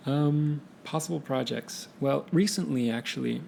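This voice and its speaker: A young man talking through a casual solo podcast, looping back and restarting his sentences as he thinks. His mid-pitched voice has a gravelly fry to it, with a faint hum of noise behind him. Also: fairly even intonation, brisk, few pauses, a little mellow. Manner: rambling, self-correcting, laid-back. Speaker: podcast host.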